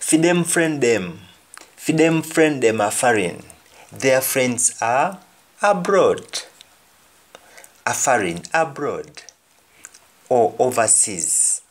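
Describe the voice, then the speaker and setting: A man with a Jamaican accent teaching a language lesson, repeating each phrase slowly and then translating it. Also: medium pitch, very animated. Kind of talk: slow spoken language lesson.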